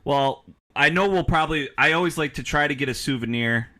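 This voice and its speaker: A man co-hosting a podcast in casual chat, animated, arguing his picks and mimicking others. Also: a little high, brisk. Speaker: podcast co-host.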